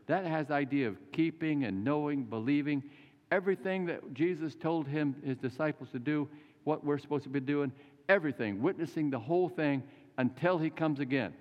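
An older man preaching a folksy, animated sermon in a church. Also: fairly high pitch, brisk. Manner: folksy, animated storytelling with acted quotes. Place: church sanctuary. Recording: muffled church recording with long reverb.

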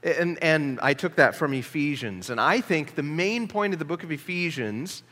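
A male pastor preaching a teaching sermon in earnest tones, often pausing with "uh" fillers. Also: on the high side, expressive, fairly bright tone, long reverb tail. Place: church sanctuary.

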